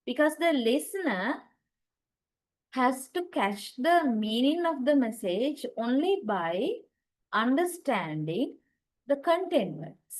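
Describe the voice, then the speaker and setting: Woman, lecturer, slightly high pitch, patient, repetitive, online class, computer mic. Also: low-quality recording. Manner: patient, repeats key points, frequent "okay" and "right". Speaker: English linguistics lecturer.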